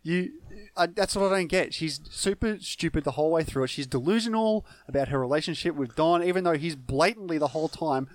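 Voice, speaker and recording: Man, relaxed chatty film talk, slightly high voice, dry close mic. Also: brisk, few pauses, no echo. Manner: easygoing, laughs often, hesitant restarts. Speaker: podcast co-host. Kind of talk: casual film review chat.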